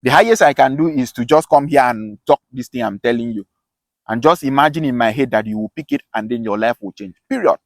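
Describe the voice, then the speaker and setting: A man's voice: mid-range voice, a little fast, no room sound. A man with a Nigerian Akwa Ibom accent giving a passionate lesson, stressing points and often restarting his phrases. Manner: emphatic, repeats and restarts phrases. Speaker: self-styled teacher.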